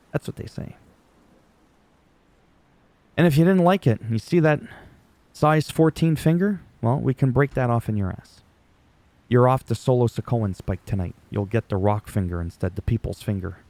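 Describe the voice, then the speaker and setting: A man's voice: mid-range voice, gravelly, darkish tone. A man whose first language is French, ranting sarcastically and profanely as a YouTuber recapping wrestling. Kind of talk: ranting casual commentary.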